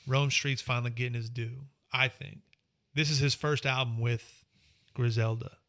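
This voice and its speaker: Man, co-host, bright tone, joking, talks over others. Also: mid-range voice, steady tone, moderate pace. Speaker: podcast co-host. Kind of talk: casual chat.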